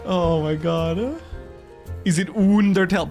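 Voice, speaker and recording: Animated young male game streamer. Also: on the high side, moderate pace, faint music behind. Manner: chatty, joking, reacts to chat. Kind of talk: casual game streaming commentary.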